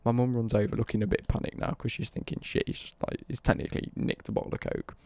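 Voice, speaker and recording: Gravelly English guy telling a story. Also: mid-range voice, level tone, fast, warm tone, no echo. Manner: swears freely, rambling with self-corrections. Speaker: livestreamer. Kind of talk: casual storytelling on a livestream.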